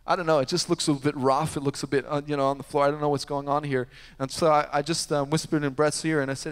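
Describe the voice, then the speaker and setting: A fairly high-voiced man preaches to his congregation, swinging from loud, emphatic peaks to hushed, almost whispered asides as he tells his story. His voice rings through a large church hall with a long, lingering reverb. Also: flat delivery, quick pace, hardly any pauses, smooth. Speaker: pastor. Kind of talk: sermon. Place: church sanctuary.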